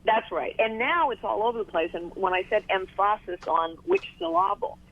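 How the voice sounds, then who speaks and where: A woman guest on a talk radio call-in, making her points in numbered order in a measured way. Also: mid-range voice, very animated, gravelly. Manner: measured, lists points one by one. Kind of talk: phone interview on talk radio. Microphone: telephone. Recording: tinny phone line.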